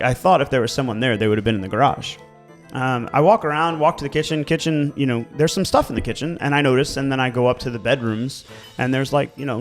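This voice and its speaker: Animated man telling stories. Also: medium pitch. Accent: Baltimore. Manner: animated storyteller, swearing, laughing. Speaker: real estate agent and podcast co-host. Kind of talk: casual podcast chat.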